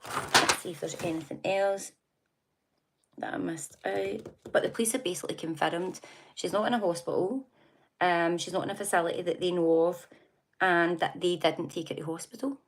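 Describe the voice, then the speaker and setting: A woman's voice: lowish voice, fairly even intonation, normal speed. A middle-aged Scottish woman from near Glasgow hosting a casual livestream, chatting and gossiping about the news, laughing often and reacting to viewer comments. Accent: Scottish (Glasgow area). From Scotland. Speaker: livestream host.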